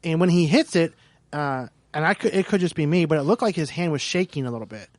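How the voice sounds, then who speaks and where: A man's voice: fairly high pitch, quick pace, darkish tone, no room sound. A man hosting a casual podcast, steering the talk with a joking manner. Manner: jokey, leads the conversation. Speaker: podcast host.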